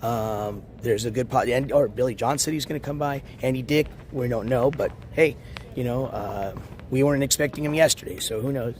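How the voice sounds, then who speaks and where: A man with a raspy, worn-out voice talks into his phone on a morning walk outdoors, rambling casually and greeting viewers in chat. His voice sits at an ordinary middle pitch, and a faint outdoor hiss runs behind him. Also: moderate pace, a little mellow. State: hoarse, losing his voice. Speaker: IRL livestreamer. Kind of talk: casual live-stream chat.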